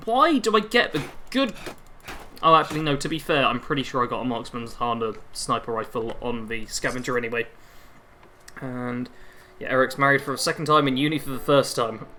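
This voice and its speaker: A man's voice: mid-range voice, moderate pace, pushed and bright, a little hiss or hum. A man in his twenties chatting casually with his viewers while playing a game, rambling and reacting to the action mid-sentence. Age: 20s. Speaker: gaming livestreamer.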